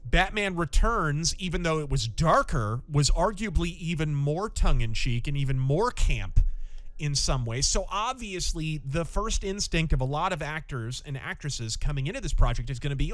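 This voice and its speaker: Animated man reviewing a film. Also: on the high side, normal speed, no echo. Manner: enthusiastic, opinionated, rambling. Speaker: podcast host.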